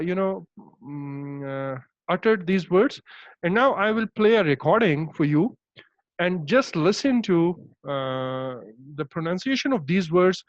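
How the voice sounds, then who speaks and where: High-voiced man teaching pronunciation, lo-fi. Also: dry recording. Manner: patient, repeats words slowly, checks understanding. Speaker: English teacher. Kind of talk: online pronunciation lesson. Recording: dull lo-fi dry sound.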